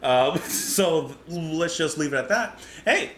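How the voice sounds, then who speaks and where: A man's voice: a little high, animated, slow pace, fairly bright tone. A man hosting a music reaction channel, musing aloud about a song in a chatty way and comparing it to food. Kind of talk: casual music review monologue. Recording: roomy echo, faint background hiss.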